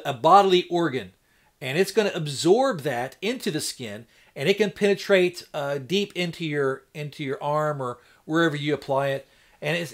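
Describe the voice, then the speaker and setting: A fairly high-voiced man talks on a casual live stream. He rambles in a folksy way and slips into quoted voices when he retells a doctor visit. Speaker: homestead livestreamer.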